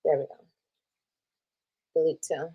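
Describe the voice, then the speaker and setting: A woman's voice: deep voice, little pitch movement, a little slow, slightly rough, lo-fi sound. A woman retelling a personal drama on a casual livestream, reading old texts aloud, swearing freely and reacting as she scrolls. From Texas. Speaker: streamer telling a personal story.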